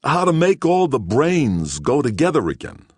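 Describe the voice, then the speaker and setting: A sobbing, desperate down-and-out man who whimpers and pleads, as a male narrator puts him on. The voice rides higher than the narrator's own and breaks and swings widely, in a dry storybook recording. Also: huge pitch swings, normal speed, darkish tone, husky, no room sound.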